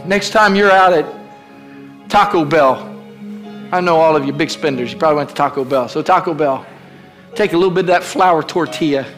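A man's voice: high-pitched, fairly bright tone. A male pastor preaching a fervent sermon, with repeated calls to the congregation.

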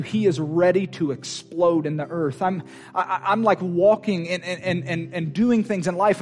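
Male preacher, fervent sermon delivery, slightly high pitch, faint music bed. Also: a little mellow. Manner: fervent, emphatic, repetitive exhortation.

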